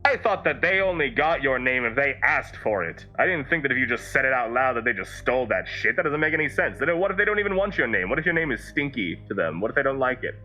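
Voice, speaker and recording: A man playing in a tabletop game, talking in animated, joking banter. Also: mid-range voice, quick pace, hardly any pauses, highs cut off. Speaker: player.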